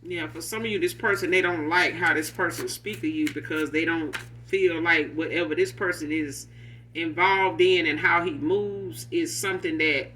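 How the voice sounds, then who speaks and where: A man's voice: a little high, fairly even intonation, normal speed, sharp tone, a little hiss or hum. A man giving a casual, rambling tarot reading, talking in a loose, profane, street-casual way. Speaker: tarot reader.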